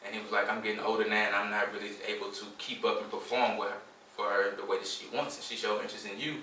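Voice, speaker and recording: Brief: male podcast co-host from Houston, fast animated storyteller, recorded off-mic in a roomy space. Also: fairly low pitch, slight background noise. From Houston, Texas. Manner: animated storyteller acting out quoted dialogue. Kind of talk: casual group chat. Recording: echoey room, mic at a distance.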